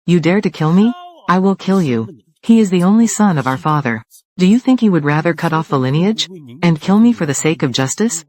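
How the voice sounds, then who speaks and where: A dub voice plays several corporate rivals in a drama, trading short, confrontational threats over who controls a company. The voice is medium-pitched, expressive, and fairly quick, a little mellow and natural-sounding.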